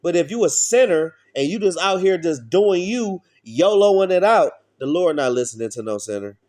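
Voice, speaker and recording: Guy preaching scripture his own way, swears a lot, keeps going "all right?", slightly high voice. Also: expressive, normal speed, a little mellow. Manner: blunt, profane, preachy with call-and-response questions. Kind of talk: informal street sermon.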